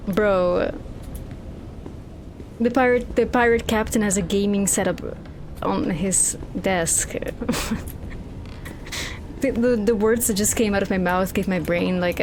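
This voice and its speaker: Excitable, swearing young woman streamer. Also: medium pitch, slight background noise. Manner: swearing, excitable, joking to chat. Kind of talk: casual gameplay commentary.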